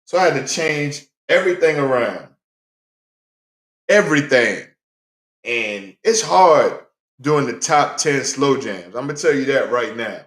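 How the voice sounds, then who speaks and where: Speaking to his viewers directly and greeting them frequently, this podcast host runs a relaxed one-man talk show. His voice sits on the high side with a bit of brightness, he repeats phrases to stress them, and the room echoes noticeably.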